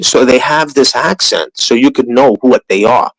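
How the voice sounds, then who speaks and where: A man's voice: medium pitch, moderate pace, rough recording. A man ranting on a live stream, profane and mocking, sometimes putting on voices to imitate others. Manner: animated, profane, mocking impressions.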